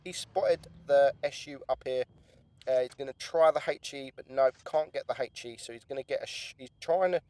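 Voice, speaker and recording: A young man giving lively, chatty play-by-play commentary on a game replay, with some casual swearing. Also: mid-range voice, a little hiss or hum. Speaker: gaming YouTuber.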